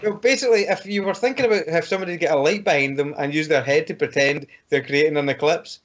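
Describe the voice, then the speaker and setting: A man's voice: fairly high pitch, quick pace, background noise. A man co-hosting a casual podcast chat over an online call, rambling and joking and laughing often. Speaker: podcast co-host. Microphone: home computer microphone on an online call. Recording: muffled lo-fi call audio.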